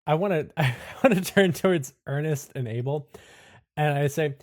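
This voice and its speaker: A woman playing a tabletop game, wry and deadpan in her asides. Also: deep voice, normal speed. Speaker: player.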